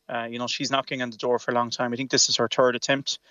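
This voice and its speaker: An Irish man speaks at a brisk clip as a politician on a radio panel. He is earnest and stumbles over repeated words as he begins a point. The sound is dry and a little muffled, as if it comes down a remote line. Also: mid-range voice, level tone, bright, forceful tone, no echo. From Ireland. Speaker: politician guest. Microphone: remote call.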